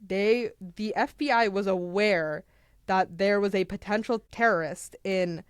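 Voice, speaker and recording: A young woman on a podcast, retelling a true crime story in a casual, animated way, full of "like" and acted-out quotes. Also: mid-range voice, a little slow, clean tone, dry recording, studio quality. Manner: animated, acts out quotes, filler "like".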